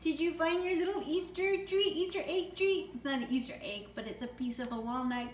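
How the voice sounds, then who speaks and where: Woman, very high voice, slow sing-song pet talk; roomy home recording, faint hiss. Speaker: pet bird owner.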